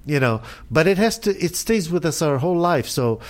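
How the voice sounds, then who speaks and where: A man hosting a casual chat, relaxed, laughing often and leaning on "you know" as he talks. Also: on the high side, a little fast.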